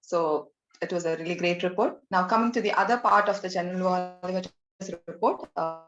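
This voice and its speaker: A woman's voice: fairly low pitch, fairly quick, lo-fi sound, faint music behind. A woman giving a general evaluator's report at a club meeting, repeating herself and filling gaps with fillers. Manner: repetitive, loose phrasing with fillers.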